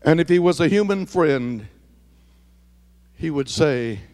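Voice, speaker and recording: A male pastor preaching a sermon, dropping to near whispers and building to shouted, repeated refrains. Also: on the high side, lively intonation, slow pace, pauses often, big-room sound. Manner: swings from hushed to shouted, repetitive preaching cadence.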